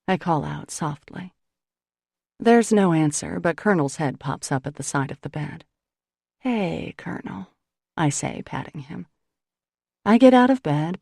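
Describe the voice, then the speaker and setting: A woman narrating a novel in the first person, with intimate, measured storytelling recorded on a close studio mic. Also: on the low side, vocal fry, a little mellow, dry recording. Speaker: audiobook narrator.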